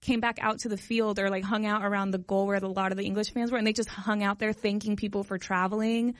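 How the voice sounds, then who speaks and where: A woman's voice: medium pitch, flat delivery, quick pace, no echo, studio quality. A woman co-hosting a radio show, telling a story in a chatty way with lots of "like". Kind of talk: casual radio chat.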